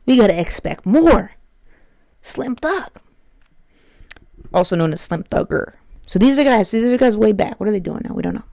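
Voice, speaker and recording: A woman comedian hosting a solo podcast, riffing in a rambling, profane, animated monologue. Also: medium pitch, moderate pace, gravelly, long pauses, dry recording.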